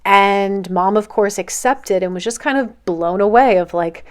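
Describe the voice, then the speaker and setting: A woman's voice: medium pitch, measured pace, smooth. A woman narrating a group's history in a loose, casual storytelling way, with lots of fillers like "like" and "um".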